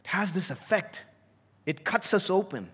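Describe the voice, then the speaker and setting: A man preaching a sermon as a pastor, earnest and emphatic, slowing down to stress key words. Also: high voice, expressive, a bit bright, breathy edge.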